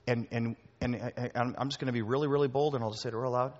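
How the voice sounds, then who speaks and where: Pastor preaching in an echoey hall. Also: male voice, medium pitch, fairly even intonation, quick pace, few pauses. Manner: conversational, repeats words, talks to the congregation. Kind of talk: sermon. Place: church hall before a congregation. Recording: echoey hall, dull lo-fi sound.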